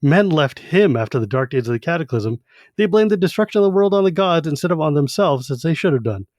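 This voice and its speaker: A mysterious old wizard speaks solemnly and in measured tones about forgotten gods, read out by a man. The voice sits a little high and sounds dry and close. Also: lively intonation, a little mellow, no room sound, close to an everyday voice. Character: mysterious old male wizard, calm storyteller.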